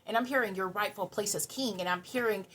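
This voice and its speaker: A woman gives a spiritual tarot reading for her viewers, speaking fast in a mid-range, slightly bright voice. She's earnest and emotional, repeating key words for emphasis.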